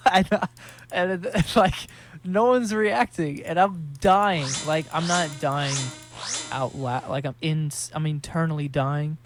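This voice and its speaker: A man's voice: fairly high pitch, takes it slowly, background noise. A man casually telling a story while playing a game, laughing often and swearing freely. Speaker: gaming streamer.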